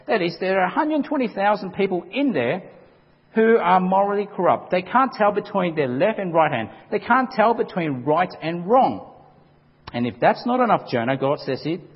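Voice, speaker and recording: A husky, high-sitting male voice swings widely in pitch at a moderate pace. He's a pastor delivering an emphatic sermon, dramatically acting out quotes. The lo-fi recording sounds dull, with a long hall reverb.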